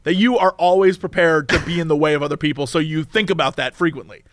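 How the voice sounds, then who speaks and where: A man's voice: a little high, quick pace, dry recording, studio quality. A man telling a story in casual chat, acting out other people's lines. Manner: animated, acts out people's lines in mimicked voices. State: tired from no sleep. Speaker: podcast co-host.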